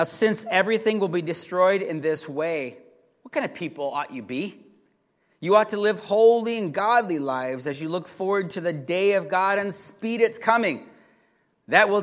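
A pastor preaching a sermon with emphatic delivery that rises to loud, urgent exhortation. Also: male voice, on the high side, in a large hall.

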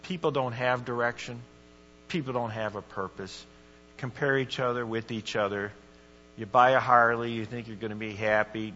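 A man preaching a casual, excitable sermon, now and then bursting into shouts. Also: medium pitch, moderate pace, a little hiss or hum. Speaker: guest preacher. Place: church sanctuary. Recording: dull lo-fi recording in a reverberant church.

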